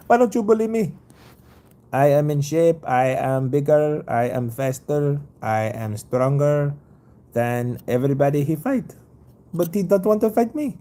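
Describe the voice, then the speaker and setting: A man's voice: a little high, expressive, measured pace, warm tone. A man doing an impression of a proud veteran boxer who speaks broken English and complains that a rival won't fight him. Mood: aggrieved. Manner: broken English, plaintive challenging tone. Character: proud veteran male boxer, challenging and aggrieved.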